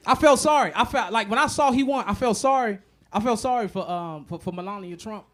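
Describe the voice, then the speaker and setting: High-voiced profane stand-up comedian man. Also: a little fast. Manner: profane, animated, acts out voices of others.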